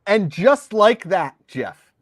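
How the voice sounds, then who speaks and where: A giggly male co-host trading quick banter on a casual chat show. His voice is high with a bouncy pitch, recorded dry and close. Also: big pitch swings, no room sound.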